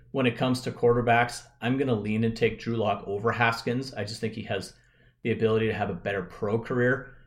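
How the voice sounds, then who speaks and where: A man with a hoarse, raspy voice hosts a solo podcast and answers listener questions. His voice sits a little low. He talks in a loose, conversational way with plenty of filler words. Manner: relaxed and conversational, thinking aloud with fillers. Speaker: podcast host.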